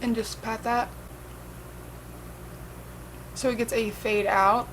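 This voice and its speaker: A woman's voice: fairly high pitch, level tone, slow, noisy background. A young woman chatting casually through a makeup tutorial, swearing and saying "like" and "um" a lot. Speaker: makeup vlogger.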